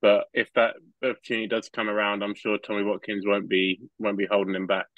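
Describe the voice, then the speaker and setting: A man speaks steadily on a sports podcast. His low voice stays quite flat. The recording is dry and slightly muffled. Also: fairly quick, no echo. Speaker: podcast co-host. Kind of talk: casual sports chat.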